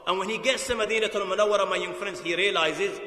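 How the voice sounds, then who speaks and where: A man preaching a sermon to young listeners, telling stories with passion, swinging from loud bursts to quiet drops. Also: high voice, fairly even intonation, quick pace. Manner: impassioned, emphatic storytelling with sudden loud bursts and quiet drops. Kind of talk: sermon storytelling to youth. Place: mosque hall. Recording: echoey mosque hall.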